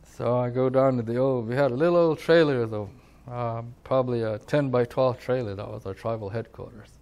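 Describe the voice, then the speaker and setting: Gravelly older man telling his life story. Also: mid-range voice, a little fast, a little mellow. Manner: rambling, leans on "you know", acts out quoted voices. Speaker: tribal elder recounting his life. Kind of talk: oral history storytelling.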